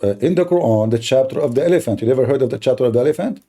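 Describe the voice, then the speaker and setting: Combative man with a very dark voice. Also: medium pitch, lively intonation. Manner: mocking, combative, halting with many restarts. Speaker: livestream debate host. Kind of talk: heated live-stream debate.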